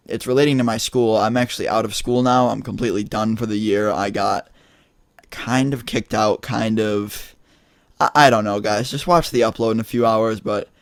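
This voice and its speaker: A teenage boy telling a story in a casual vlog, rambling and excitable, full of fillers and swearing. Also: fairly low pitch, dry recording, clean studio sound. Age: teens. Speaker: vlogger.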